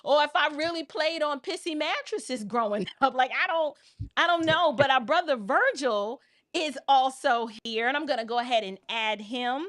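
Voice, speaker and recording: High-voiced, animated woman host. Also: moderate pace, no echo. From the Bronx, New York. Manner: animated, emphatic, casual. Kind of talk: live online panel discussion.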